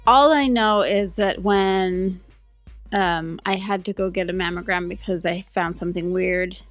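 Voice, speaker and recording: A woman's voice: fairly low pitch, a little slow, dry recording, faint music behind. A woman co-hosting a casual podcast, dry and teasing, playing along with her co-host's jokes. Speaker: podcast co-host. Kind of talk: casual chat.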